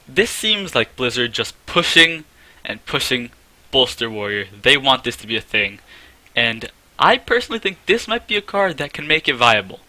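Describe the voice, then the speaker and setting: A man's voice: medium pitch, sharp tone, no room sound. A man giving a casual, chatty review of game cards, often correcting himself mid-sentence and scoring each card out of ten. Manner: chatty, self-correcting, rates things out of ten.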